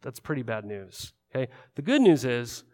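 A man's voice: mid-range voice, big pitch swings, moderate pace, darkish tone, big-room sound. A man preaching a sermon as pastor, talking to the congregation in a conversational way and briefly acting out the people he quotes.

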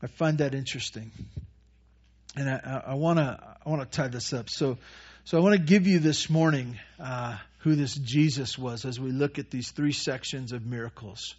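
A man preaching a conversational sermon as pastor, with many restarts and quick acted-out asides. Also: mid-range voice, a little mellow, breathy edge. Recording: dull lo-fi church recording.

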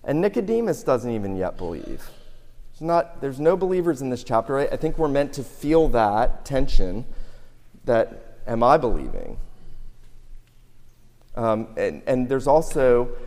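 Man preaching in an echoing hall. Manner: earnest preaching, swelling loud on key lines, then dropping low. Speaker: pastor. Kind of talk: sermon. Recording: long reverb of a large hall.

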